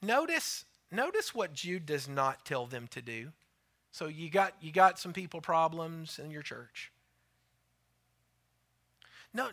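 A man's voice: fairly high pitch, bright, forceful tone. A man preaching a sermon in a church, emphatic and repetitive, sometimes dropping his voice to near a whisper.

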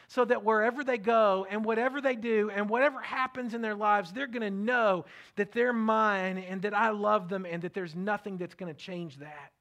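A middle-aged man preaching a sermon, earnest and repetitive, often dropping his voice to a soft hush. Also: high voice, creaky. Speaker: pastor.

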